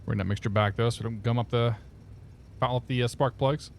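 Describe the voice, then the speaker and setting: A man's voice: medium pitch, steady tone, brisk, gravelly, a little hiss or hum. A man chatting casually on a live stream, laughing often and talking through his cockpit steps. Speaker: flight sim streamer.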